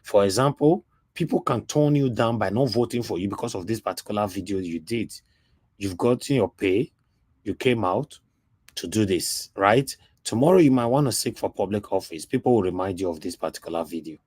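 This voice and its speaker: A man's voice: on the low side, lively intonation, a little fast, darkish tone, slightly rough, dry recording. A man hosting a live stream, lecturing his viewers and greeting them as his people. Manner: preachy, addresses viewers as "my people". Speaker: livestream host.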